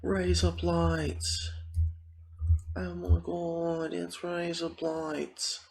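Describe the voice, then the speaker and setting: A panicky, mock-terrified bloke with a put-on Australian accent, as a man hams it up, squealing way above his normal register. The words stretch out slowly and wail, with each line pushed high and thin. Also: monotone, vocal fry, heavily acted. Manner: high, drawn-out wailing.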